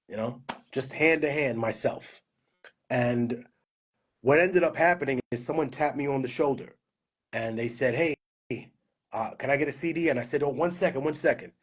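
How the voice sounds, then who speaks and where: A husky-voiced man speaks casually into a phone from his home studio. He tells stories in a loose, profane way. A poor connection makes his words slur at times. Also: medium pitch. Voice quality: slurred at times from a bad connection. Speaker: livestream host. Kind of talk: casual livestream talk.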